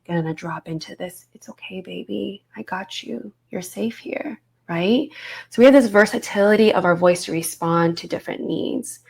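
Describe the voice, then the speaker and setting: A woman in her thirties teaching an online course, speaking in a reflective way and often checking in with her listeners. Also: on the low side. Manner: reflective, warm teaching tone with frequent "right?" check-ins. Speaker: voice coach.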